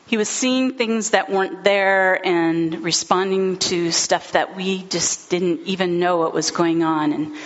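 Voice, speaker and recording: A woman's voice: on the low side, measured pace, hardly any pauses. A woman pastor preaching a sermon, telling a story in an earnest, heartfelt way, in a dull recording.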